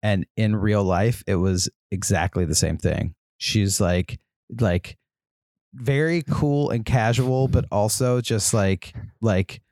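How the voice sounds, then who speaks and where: A man's voice: on the low side, slow pace, darkish tone, no room sound, clean studio sound. A man co-hosting a podcast, telling a long story in a casual, rambling way full of ums. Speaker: podcast co-host. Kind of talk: casual chat.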